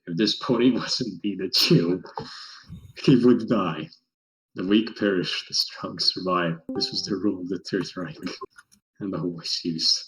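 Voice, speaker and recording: Low-voiced man reading a fan story. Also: poor audio. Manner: reads in a plain measured way with stumbles and chuckles. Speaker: story reader.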